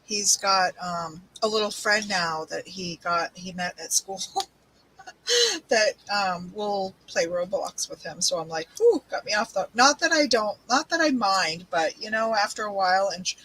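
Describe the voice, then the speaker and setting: A woman's voice: medium pitch, animated, unhurried, bright, forceful tone, slight background noise, low-quality recording. An older woman hosting a craft livestream, chatting casually and rambling as she unpacks supplies and greets viewers by name. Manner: talks while unpacking and showing craft supplies.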